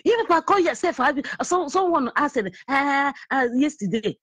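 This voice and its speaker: A woman's voice: sits high, animated, a little fast, hardly any pauses, a bit bright, dry recording. A woman from Nigeria with a Nigerian accent, phoning in to a talk show and speaking in an emotional, indignant, ranting way. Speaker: caller. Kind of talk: phone-in call. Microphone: phone call.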